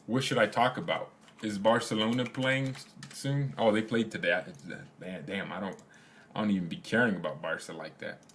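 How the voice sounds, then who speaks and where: A man's voice: lowish voice, fairly even intonation, fairly quick, fairly bright tone, a little hiss or hum. A young man hosting a casual fan livestream, rambling in slangy chat, laughing often and reading comments aloud. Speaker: fan channel host.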